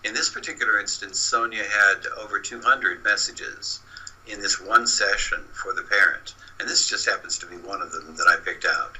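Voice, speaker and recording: A man's voice: lowish voice, moderate pace, sharp tone, husky, poor audio. A man who is a guest researcher, patiently explaining in an interview and often answering with short backchannels.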